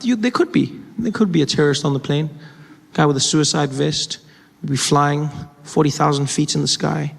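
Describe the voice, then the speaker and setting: Animated man doing stand-up. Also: normal speed, gravelly. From South Africa. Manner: animated storytelling, jumps up high for emphasis, drops low in asides. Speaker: stand-up comedian. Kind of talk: stand-up comedy set. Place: large live venue. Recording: stage mic in reverberant hall, loud audience.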